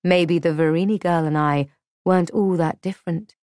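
A woman narrating a first-person audiobook in a measured, reflective way. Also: fairly low pitch, fairly even intonation, a little mellow, no echo, studio quality.

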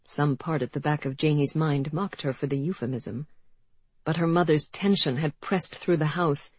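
A woman reading an audiobook aloud in measured, expressive storytelling narration. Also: deep voice, breathy edge, dry recording. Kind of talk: scripted narration.

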